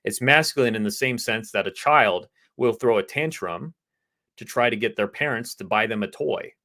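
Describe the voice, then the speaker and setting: Lower-voiced man giving dating advice. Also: moderate pace. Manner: earnest, explanatory, quotes women's pleas in a softer voice. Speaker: dating coach co-host. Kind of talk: advice talk answering viewer questions.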